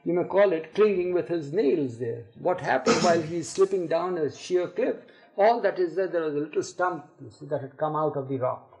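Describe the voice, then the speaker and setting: Older man with a gravelly voice, halting. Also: sits high, rough recording. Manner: halting, repeats words, laughs while telling stories. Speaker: storyteller. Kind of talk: spiritual reminiscence talk. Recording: archival tape recording.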